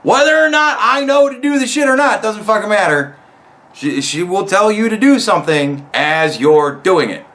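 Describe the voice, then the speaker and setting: A man's voice: high voice, lively intonation, normal speed, fairly bright tone. A young man telling a long, rambling story about a coworker in a profane, exasperated way. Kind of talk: casual storytelling rant.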